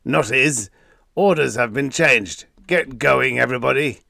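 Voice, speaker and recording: Narrator playing a blustering old space skipper, barking orders loud and fast, folksy slang. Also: male voice, mid-range voice, gravelly, no room sound, clean studio sound. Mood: gruff. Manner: growling, snapping, folksy grammar. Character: gruff, bossy old male spaceship captain.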